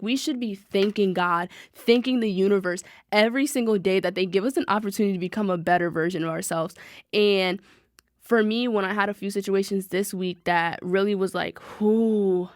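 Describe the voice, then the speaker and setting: Lively woman hosting a self-help podcast. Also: mid-range voice, dry recording, clean studio sound. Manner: animated, talks to listeners directly, quick asides. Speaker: podcast host. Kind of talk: casual self-help monologue.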